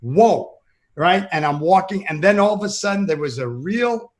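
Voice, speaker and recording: An older man hosting a casual comedy chat, telling stories in a rambling, excitable way with many restarts. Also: high-pitched, a little fast. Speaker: podcast host and comedian.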